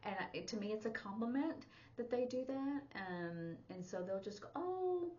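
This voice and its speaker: A woman's voice: mid-range voice, expressive, normal speed, a little mellow. A woman who teaches sign language and works as an interpreter, giving a casual spoken lesson in a chatty way and acting out bits of dialogue as she explains. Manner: chatty, acts out quoted dialogue. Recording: dull lo-fi recording.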